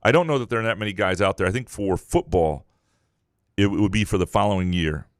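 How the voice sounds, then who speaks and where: A man's voice: low-pitched, quick pace, dry recording, clean studio sound. A man co-hosting a sports podcast, talking casually and rambling with many restarts. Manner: rambling, lots of restarts and fillers. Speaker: podcast co-host.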